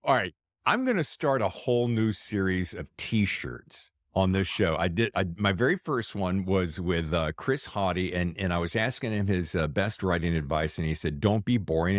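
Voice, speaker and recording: A man's voice: sits low, moderate pace, dry recording, clean studio sound. A man hosting an interview podcast, chatting casually and playfully. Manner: animated, jokey, slips into playful voices. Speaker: podcast host.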